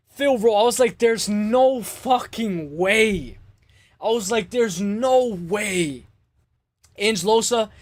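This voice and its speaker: A man hosting a casual MMA show, breaking down fights in an excitable way, swearing and repeating himself. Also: sits high, dry recording. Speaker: MMA podcast host.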